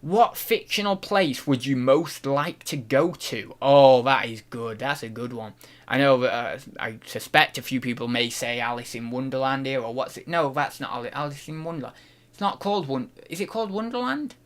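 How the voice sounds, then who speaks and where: Casual British male streamer, mid-range voice, chatty and unsure, thinks out loud while reading the chat. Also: medium pitch, normal speed. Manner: rambling, unsure, thinks aloud with many restarts. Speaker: host reading live chat questions.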